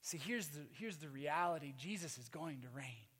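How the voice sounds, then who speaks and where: A man preaching a sermon as a pastor, moving between loud emphatic lines and hushed quiet passages. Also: on the high side, expressive, normal speed, breathy edge, big-room sound. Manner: swings from loud emphatic to hushed, sings briefly. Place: church.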